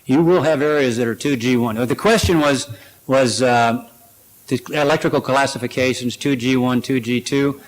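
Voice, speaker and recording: A man at a conference lectern takes questions and answers them in a plain, practical way. His talk is loose and conversational, full of "you know" and "uh". His voice sits at a middle pitch for a man. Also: moderate pace, low-quality recording. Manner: practical, conversational, many fillers. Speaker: conference speaker. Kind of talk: presentation and Q&A.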